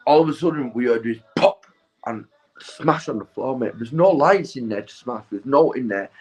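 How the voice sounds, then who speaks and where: A young man in the middle of a loose, meandering tale, clearly high. His talk is sweary and casual, full of restarts and constant little asides to the listener. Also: a little mellow, low-quality recording. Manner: sweary, keeps tagging "right?" and "mate". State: stoned. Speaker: vlogger. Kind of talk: rambling casual storytelling.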